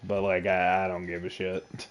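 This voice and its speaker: A man's voice: low voice, moderate pace, music in the background. A man live-streaming a video game from home at a desk mic, talking casually, joking and laughing often. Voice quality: laughs often, jokey and animated.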